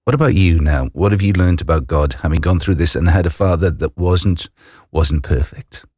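A man hosting a faith interview, asking gentle questions with hesitant restarts. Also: sits low, normal speed, no room sound, studio quality. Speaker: host.

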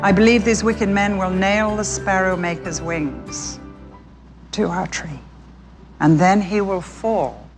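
A woman's voice: medium pitch, takes it slowly, over music. A woman voicing a solemn, fearful father sparrow who murmurs warnings in a storybook reading. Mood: grave.

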